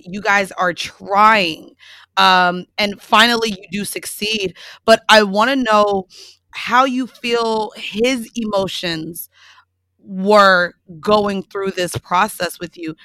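A woman's voice: mid-range voice, fairly even intonation, takes it slowly, bright, forceful tone, clean tone, no room sound, studio quality. A woman hosting an interview, asking probing, thoughtful questions. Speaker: host.

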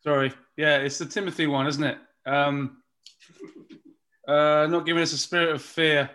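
A man's voice: fairly high pitch, flat delivery, moderate pace, sharp tone. A man, a church member, answering hesitantly over a video call. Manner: hesitant, laughs it off. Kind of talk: casual chat.

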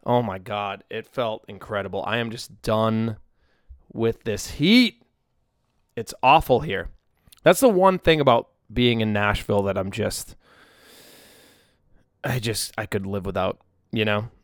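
A rambling man in his thirties chats alone on his livestreamed podcast, full of ums and self-corrections. His voice comes through smooth and resonant, recorded close and dry with almost no room sound. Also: lowish voice, unhurried, long pauses, dry recording. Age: 30s. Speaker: musician podcast host. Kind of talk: casual solo podcast chat. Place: home in Nashville. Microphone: tablet and phone livestream.

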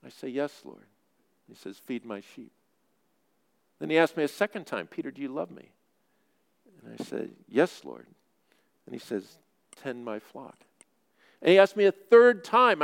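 Priest doing peter the fisherman, remorseful and earnest, kinda high voice, smooth. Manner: earnest first-person confession. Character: the apostle Peter, remorseful middle-aged fisherman.

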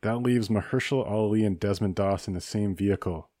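A man's voice: on the low side, fairly quick, dark tone, no echo, studio quality. A man hosting a casual podcast chat, decisively laying out scenarios and making rulings. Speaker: podcast host running a hypothetical movie showdown.

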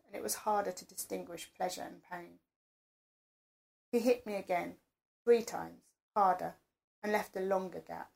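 A woman's voice: medium pitch, vocal fry. A woman narrating an erotic first-person story in an intimate, confessional reading voice.

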